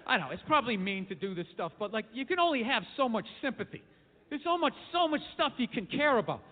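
High voiced guy doing a loud sweary stand-up rant, tinny recording w/ long echo. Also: sing-song, quick pace. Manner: brash, profane rants that build to shouting. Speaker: stand-up comedian. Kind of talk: stand-up comedy set. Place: comedy club stage. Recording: tinny, phone-like club recording with long reverb.

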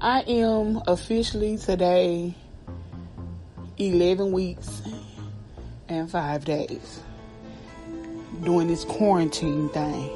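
A woman hosting a comedy podcast, telling a family story in a profane, slangy, animated way while out of breath. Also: on the low side, takes it slowly, pauses often, soft background music. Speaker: podcast host. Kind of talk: comic storytelling.

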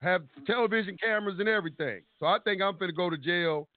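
A man's voice: high-pitched, quick pace, dry recording. A man calling in to a radio talk show, telling a long story with energy, acting out what each person said and swearing casually. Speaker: caller. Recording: tinny phone line, dry.

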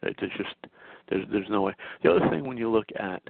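A man's voice: fairly low pitch, lively intonation, brisk, gravelly, slightly rough, no echo. A male host giving an insistent political commentary monologue, full of stammering restarts. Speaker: talk show host. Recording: dry tinny phone-like sound.

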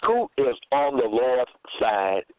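A man teaching from scripture in a slow, deliberate way, reading out verse after verse and restating each one. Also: medium pitch, very animated, dry recording. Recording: tinny phone-line sound, dry.

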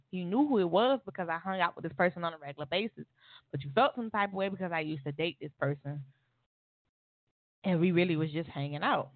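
A woman's voice: on the low side, no echo. A woman guest on a talk show, bluntly and profanely recounting a personal story with wry laughs. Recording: tinny phone-line audio.

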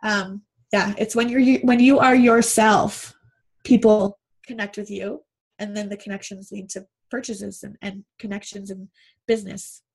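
A woman's voice: mid-range voice, steady tone, moderate pace, vocal fry, darkish tone. A woman guest from Canada, a mother and business owner, speaking candidly and earnestly in a casual podcast conversation.

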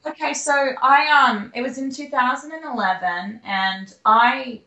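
A woman's voice: high-pitched, unhurried, pushed and bright. A young Australian woman telling her personal story candidly as an interview guest, rambling with fillers and restarts. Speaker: guest, singer-songwriter. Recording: echoey room.

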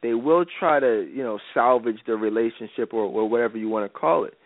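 A man's voice: mid-range voice, a little fast, no echo. Slangy male radio host lecturing. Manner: casual slangy preaching, repeats "you know what I'm saying". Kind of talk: faith-based advice talk radio. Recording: dry, tinny phone-like radio audio.

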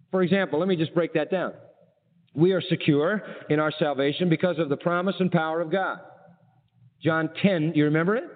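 A man preaching a sermon with emphasis, asking his listeners rhetorical questions and repeating key phrases. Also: a little high. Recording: tinny narrow-band archive sermon with long hall reverb.

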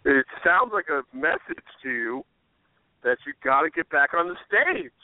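A man hosting a podcast over the phone, enthusiastic and quick to laugh. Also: on the high side, very animated, no room sound. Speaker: podcast host. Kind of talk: casual chat. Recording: dry tinny phone line.

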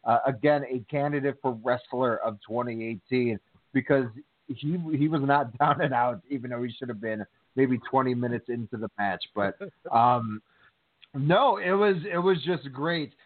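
A man's voice: medium pitch, moderate pace. Chatty man on a tinny phone line. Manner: chatty, animated storytelling with fillers. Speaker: podcast co-host. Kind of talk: casual chat.

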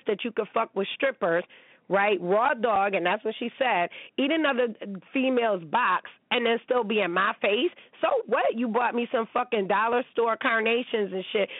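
A woman's voice: medium pitch, no echo. Blunt, profane woman ranting on a tinny line. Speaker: host. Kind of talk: casual ranting commentary. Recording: tinny phone-like sound, dry.

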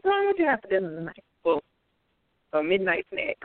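A woman's voice: medium pitch, wildly swooping pitch, moderate pace. A woman co-host in casual chat, playfully needling a friend. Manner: playful, needling, bossy teasing. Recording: tinny phone-like line.

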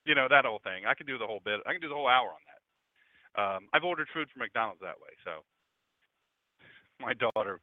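A man's voice: mid-range voice, lively intonation, fairly quick, no echo. A man in his fifties from Delaware, a pastor preaching a conversational radio sermon with chatty, joking asides to his audience. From Delaware, USA. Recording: dry, tinny phone-like sound.

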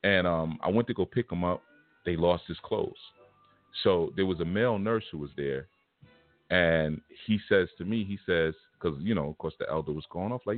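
A man's voice: low voice, normal speed, no echo. A man giving a casual spiritual lesson, telling a personal story in blunt, streetwise slang. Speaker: spiritual teacher. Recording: tinny phone-like sound with faint music.

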